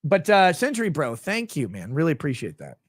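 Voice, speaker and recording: A man's voice: a little high, huge pitch swings, a little fast, no room sound, clean studio sound. A young man from Minnesota hosting a livestream, rambling and crude as he jokes and reads out viewer messages. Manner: rambling, crude and joking, with frequent fillers. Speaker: livestream host. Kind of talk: casual livestream chat reading super chats.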